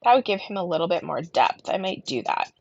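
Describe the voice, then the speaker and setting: Woman craft instructor, gravelly and a bit husky, lingering cough, casual tutorial talk, dry lo-fi sound. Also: on the low side, very animated, brisk, no echo. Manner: talks while colouring, often trailing into soft murmurs. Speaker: card-making instructor.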